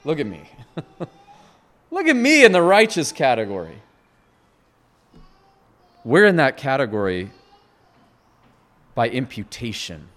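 A man with a lowish, fairly bright voice preaches an earnest, expository sermon that rises to emphatic peaks. He often restarts his words and repeats them.

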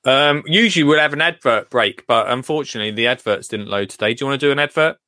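A man's voice: medium pitch, fast, bright, forceful tone, no echo, studio quality. A British man hosting a live gardening stream, chatting casually, joking and laughing as he reads out viewer comments. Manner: jokey, laughs often, reads comments aloud. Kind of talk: casual chat.

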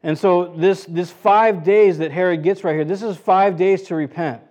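Casting: male pastor with a high voice, relaxed conversational preaching, lots of rhetorical questions. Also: moderate pace, highs cut off. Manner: chatty, rhetorical questions, frequent restarts. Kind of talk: conversational sermon.

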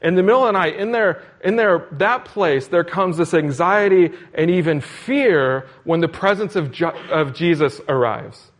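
A man's voice: a little high, normal speed, few pauses. A man preaching a sermon in an earnest, repetitive cadence, asking questions as he goes. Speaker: pastor.

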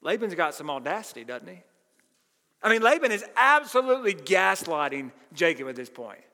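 A man's voice: high voice, sing-song, moderate pace, sharp tone. A male pastor preaching a sermon, explaining scripture with an emphatic, earnest teaching tone. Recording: long reverb of a large hall.

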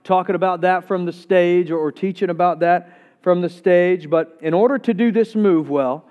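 Pastor guy preaching, high voice, stumbles over words when hyped, kinda muffled recording. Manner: energetic, repeats words when excited. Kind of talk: sermon.

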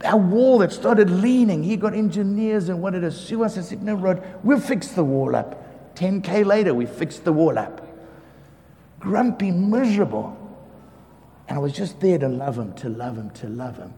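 A man preaching as a pastor, telling lively stories about his neighbours, acting out the quotes and often laughing. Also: high voice, normal speed, creaky. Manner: animated storyteller, acts out quotes, laughs often. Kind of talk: sermon storytelling. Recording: reverberant hall with faint ambience.

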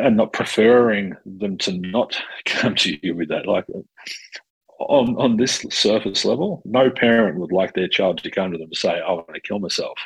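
A man hosting a casual conversation, animated and quick to act out dialogue, often restarting his sentences. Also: deep voice, no room sound, low-quality recording. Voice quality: gravelly, husky. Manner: animated, self-interrupting, acts out quoted dialogue, swears casually.

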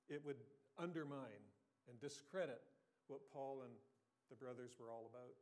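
This pastor has a fairly high, darkish voice. He preaches earnestly but conversationally, putting questions to his listeners, sometimes restarting sentences and clearing his throat.

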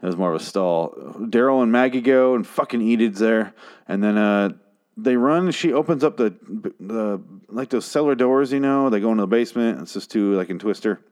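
A man's voice: lowish voice, normal speed, darkish tone, clear, resonant tone. A man giving a casual, sarcastic and profane recap of a TV episode, rambling with frequent restarts. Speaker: show host recapping a TV episode.

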